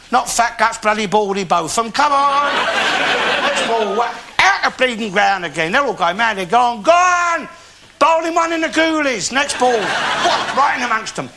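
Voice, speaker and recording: A foul-mouthed, boastful old Cockney bigot on a live TV stage. He rants in a sharply high, strained voice, swearing freely. The recording is full of heavy noise and clicks. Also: full character voice. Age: older. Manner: ranting, swearing, crude bragging. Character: bigoted boastful old working-class Londoner. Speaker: comic character monologue. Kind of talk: stand-up monologue in character. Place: TV studio before live audience.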